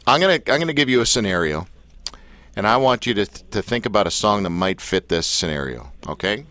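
A man's voice: lowish voice, expressive, a little fast, sharp tone. A man interviewing a guest in a joking, teasing casual chat.

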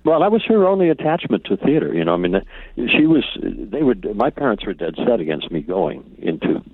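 A middle-aged man spins an anecdote with animated, mock-grand flair. His lowish voice swings widely in pitch and has a husky edge. It comes through a dry, tinny phone line. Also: fairly quick, dry recording. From Connecticut, United States. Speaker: actor and guest. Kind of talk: casual anecdote telling.

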